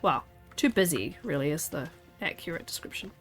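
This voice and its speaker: A woman's voice: low-pitched, expressive, moderate pace, soft background music. A young woman streaming a game, chatting casually with her viewers while sleepy and yawning. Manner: chatty, rambling, talks to chat. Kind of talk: casual gameplay chat.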